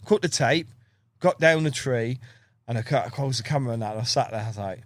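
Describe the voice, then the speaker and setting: A man spins a long, rambling story as a podcast guest, jumping into the voices of the people he quotes. His voice sits at an ordinary pitch for a man, and the recording is dry and close with no room around it. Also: fast, no echo. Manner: rambling storyteller who acts out quotes and laughs often. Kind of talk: casual chat.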